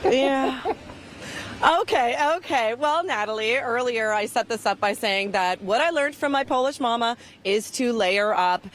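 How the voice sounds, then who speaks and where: A woman's voice: a little high, lively intonation, a little slow, a little hiss or hum. Chatty woman giving an outdoor weather report. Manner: chatty, upbeat, jokey. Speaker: weather presenter. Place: outdoors in a snowy town.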